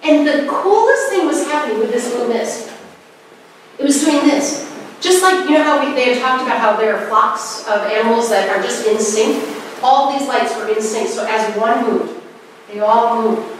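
A middle-aged woman tells stories to a live audience and acts out the voices she quotes. Her voice sits a little high. She is heard from a distance in a very echoey hall with a faint hum behind her. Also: moderate pace. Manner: animated storytelling, acting out quoted voices. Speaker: presenter. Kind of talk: spiritual talk to a live audience. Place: presentation hall.

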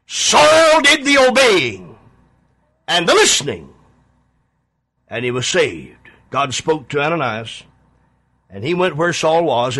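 A man preaching a sermon on the radio, pleading and emphatic, with dramatic pauses and big swings in his voice. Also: on the high side, fairly bright tone, husky.

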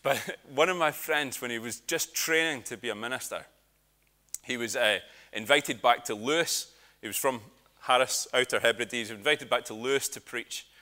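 A Scottish preacher delivering a sermon with lively storytelling and humorous asides. His voice sits at a medium pitch with a bright, forward tone. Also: normal speed.

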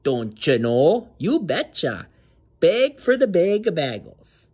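Casting: man doing a mocking folksy Minnesota guy, singsong, slightly high. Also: sing-song, slow pace, a little mellow, slightly rough, heavily acted. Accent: put-on Minnesota. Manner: exaggerated folksy mimicry.

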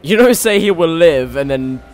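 A young man giving excitable let's play commentary as a gaming channel host, laughing often and swearing freely. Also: fairly high pitch, normal speed, a little hiss or hum.

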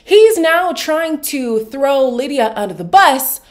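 A woman with a deep morning voice giving casual, opinionated commentary on a reality show to her channel's viewers. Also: sing-song, slow pace. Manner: opinionated, sassy, emphatic. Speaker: recap vlogger.

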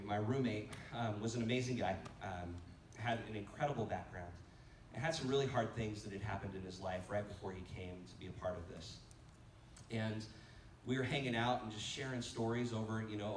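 Male pastor, conference sermon, storyteller who acts out dialogue; distant mic, echoey sanctuary. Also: lowish voice. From United States. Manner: storytelling, animated quotes, laughing asides. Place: church sanctuary. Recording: echoey church hall from far off, faint noise.

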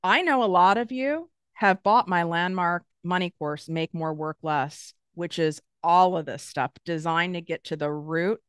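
Blunt, smooth-voiced woman coach. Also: fairly low pitch, unhurried, few pauses, a bit bright, no echo, studio quality. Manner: blunt, swears freely, direct. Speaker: business and manifestation coach. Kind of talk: motivational talk to camera.

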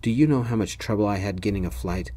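A man's voice: lowish voice, fast talker, warm tone, natural voice. A man voicing a grumpy, stern middle-aged father with an English accent, grumbling and commanding, in a whispered role-play.

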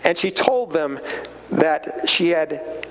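High-voiced, animated man teaching Scripture. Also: slow, slight background noise, low-quality recording. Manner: animated, chuckling, repeats words. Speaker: Bible teacher. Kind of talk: casual Bible study talk.

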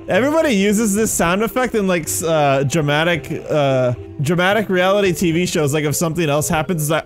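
Man narrating a game, chatty, slightly high voice, bursts into sudden loud yelps, faint music behind. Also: brisk, hardly any pauses. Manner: excitable, jumps into loud high yelps when startled; chatty, full of "dude" and "like". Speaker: gaming YouTuber. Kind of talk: casual gameplay commentary.

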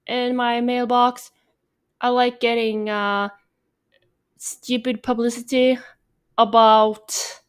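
A woman's voice: fairly high pitch, smooth. A woman from Norway chatting in a vlog, a little tired, joking and self-mocking in a drawling voice. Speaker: vlogger. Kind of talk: rambling ironic vlog chat.

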